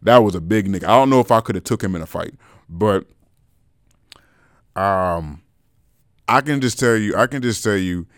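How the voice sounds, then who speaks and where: Chill young guy hosting a podcast, says bro a lot, lowish voice, dry sound. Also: moderate pace, pauses often, a bit bright, no room sound. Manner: laid-back, frank, calls listeners bro. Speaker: podcast host. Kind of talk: casual chat.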